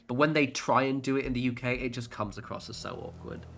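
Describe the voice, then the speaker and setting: A man's voice: mid-range voice, fast talker, gravelly, a bit bright. A British man chatting casually while livestreaming a game, rambling and sweary, with lots of fillers and restarts. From United Kingdom. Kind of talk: casual gaming livestream chat.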